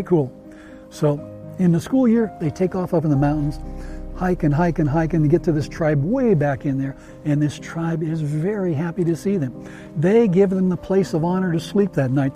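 A man hosting a talk show, telling a story in casual chat with animated, emphatic repetition that builds suspense. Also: fairly high pitch, fairly quick, faint music behind. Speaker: radio show host.

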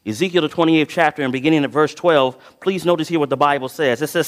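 A man preaching a sermon, his voice sitting a little high for a man and carrying a long reverb tail through a large sanctuary. He reads scripture with dramatic swells and sudden drops in volume. He keeps throwing questions out to the congregation, then answering them himself. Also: quick pace, hardly any pauses.

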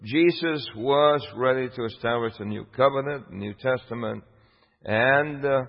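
A man with a medium-pitched voice preaches a sermon emphatically and without hurry, putting rhetorical questions to his listeners. The recording is dull and lo-fi, with a long hall reverb.

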